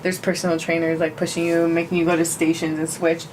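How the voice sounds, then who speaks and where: A woman co-hosting a podcast in casual chat, telling quick stories with a laugh. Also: lowish voice, monotone, darkish tone. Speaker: podcast co-host. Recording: distant mic with faint noise.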